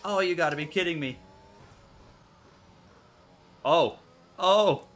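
Bright-voiced excitable young man gaming. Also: on the high side, slow pace, a little hiss or hum. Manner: excitable, yelps and groans at crashes. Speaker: gaming YouTuber. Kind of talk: live racing game commentary.

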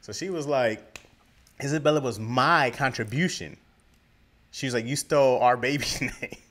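A man's voice: medium pitch, moderate pace. A man co-hosting a loose, unfiltered podcast, his voice sitting in an ordinary middle register. He spins stories animatedly, slipping into the voices of the people he quotes and breaking into laughter. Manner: animated storyteller, acts out quoted lines, laughs often. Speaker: podcast co-host. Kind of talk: casual storytelling chat.

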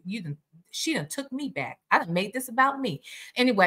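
Bright, outspoken woman livestreamer. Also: medium pitch, normal speed. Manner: outspoken, profane, animated. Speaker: livestream host. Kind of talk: casual reaction livestream chat.

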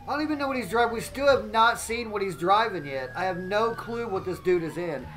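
A man giving excitable live gameplay commentary as a streamer, often exclaiming and greeting his chat. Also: high-pitched, fairly quick, slight background noise, rough recording.

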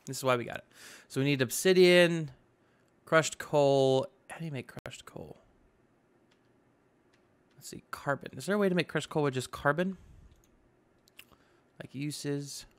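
Clear and resonant, his slightly high voice moves at a measured pace with frequent pauses. He's a gaming YouTuber in casual let's-play mode, chatting about his own gameplay, thinking out loud, and adding exclamations.

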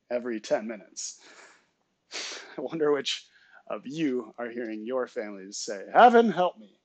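A male teacher reading a novel aloud to his students, with relaxed, chatty asides between passages. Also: fairly high pitch, no room sound.

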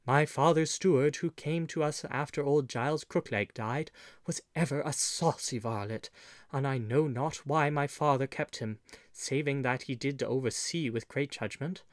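A man voicing a humble, earnest young country strongman in an audiobook, speaking softly and slowly. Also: medium pitch, no echo, clean studio sound, natural voice. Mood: sorrowful. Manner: soft-spoken, slow, humble. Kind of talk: audiobook character reading.

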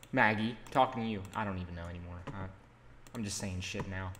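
A young man giving casual, rambling gameplay commentary, cursing often and breaking into loud outbursts. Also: on the low side, quick pace. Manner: rambling, swears a lot, bursts into loud outbursts. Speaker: gaming video host.

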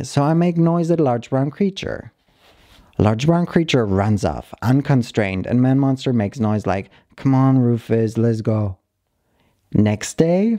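A man calmly reading a short story aloud, narrating in the halting first-person voice of a dog. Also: medium pitch, no room sound, studio quality.

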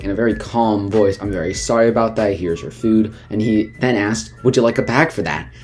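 A man tells a story to his viewers in a loose, chatty vlog style, tripping over his words and restarting sentences. Faint music plays softly behind him. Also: on the low side. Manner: chatty, stumbles and repeats words. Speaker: vlogger. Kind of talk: casual storytelling to camera.

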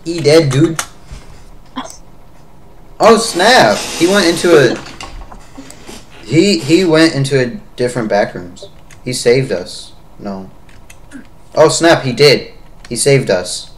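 Guy gaming with his friends, slow talker, voice jumps all over, bit of hiss behind. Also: mid-range voice. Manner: excitable, yelps and shouts in panic. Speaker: gamer playing with friends. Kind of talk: excited gaming chatter.

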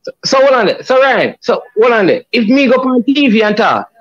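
A man's voice: very high voice, big pitch swings, fairly quick, a bit bright, no room sound, highs cut off. A man with a Jamaican accent, scolding and insistent in a casual football argument.

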